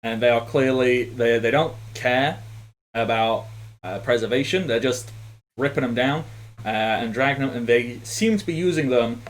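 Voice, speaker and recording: A man's voice: medium pitch, normal speed. A man narrating a tabletop game as game master, in a casual, rambling way with frequent fillers.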